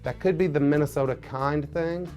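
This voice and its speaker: A comedian from Southern Indiana with a twang, mixing stand-up and casual talk in a wry, drawn-out way. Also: male voice, fairly high pitch, a little mellow, soft background music.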